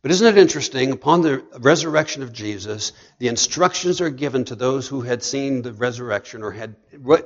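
A man delivers a sermon at a mid pitch, dropping to a hush and then building to emphatic peaks. The recording is dull and lo-fi. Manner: dynamic, swings between hushed and emphatic. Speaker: preacher.

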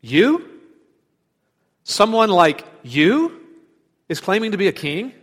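A man's voice: sits high, very animated, slow, fairly bright tone, husky, voice pushed up, full character voice. A man voicing a sarcastic, incredulous Roman governor who mocks a prisoner's claim. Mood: scornful. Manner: sarcastic, mocking disbelief. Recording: long hall reverb.

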